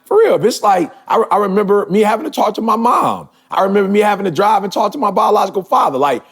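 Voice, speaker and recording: Man, 40s, podcast host. Gravelly, slightly high-pitched, emphatic and rising. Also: animated, fast. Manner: emphatic, building to shouts. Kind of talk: casual podcast talk.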